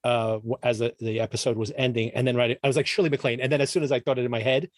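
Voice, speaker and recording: A man's voice: mid-range voice, little pitch movement, racing, dry recording, clean studio sound. A man co-hosting a podcast in casual chat, rambling and opinionated, often restarting his phrases. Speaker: podcast co-host.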